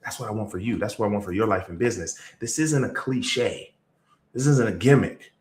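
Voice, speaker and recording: Energetic male sales coach with a lowish voice, recorded in a roomy space. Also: a little fast. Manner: energetic, with sudden jumps up in pitch and loudness. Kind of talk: motivational storytelling talk. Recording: roomy echo.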